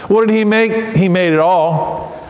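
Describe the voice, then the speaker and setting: A man with a high voice preaches an animated sermon and keeps building toward shouted exclamations. His words ring out with a long reverb, as if he is in a large, echoing church sanctuary. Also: measured pace. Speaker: pastor. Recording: echoey hall.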